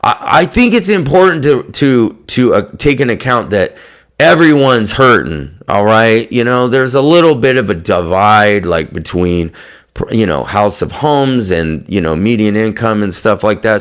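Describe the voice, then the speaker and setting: A man hosting a podcast, ranting bluntly to fellow hairdressers, swearing often and stuffing his talk with fillers. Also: lowish voice. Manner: blunt, heavy swearing, lots of fillers, laughs mid-rant. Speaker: podcast host. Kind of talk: profane rant to fellow hairdressers.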